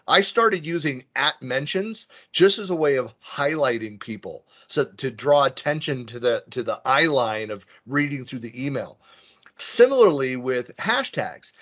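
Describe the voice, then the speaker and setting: A man's voice: on the high side, a bit bright. Bay area guy giving an online talk, rambly with lots of ums, kinda muffled call audio. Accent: Western US, Bay Area. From San Francisco Bay Area. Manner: rambling, self-deprecating, frequent fillers and restarts. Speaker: conference speaker. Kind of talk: online presentation. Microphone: video call.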